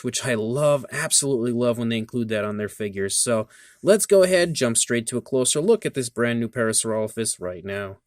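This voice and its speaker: A man's voice: mid-range voice, dry recording. Guy hosting a toy review, eager and chatty, lots of "like", dry room, average voice. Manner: enthusiastic, detailed, frequent "like" fillers. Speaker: toy reviewer, channel host. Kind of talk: casual product review.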